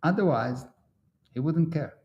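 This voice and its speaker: Guy chatting on a livestream, kinda high voice, acts out quotes in his stories. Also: a little slow, gravelly, dull audio. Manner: animated storyteller, acts out quotes. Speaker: host. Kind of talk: casual livestream chat.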